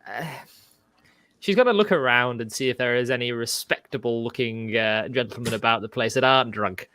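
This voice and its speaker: A man's voice: medium pitch, a little fast, sharp tone. A man playing in a tabletop game, casual and hesitant, with stammers. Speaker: player.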